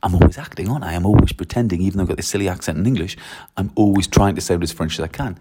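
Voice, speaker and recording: A man's voice: low voice, expressive, fast, background noise. A man who teaches French, explaining his methods in a chatty, enthusiastic way and reading French example sentences aloud. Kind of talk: casual explanation to camera.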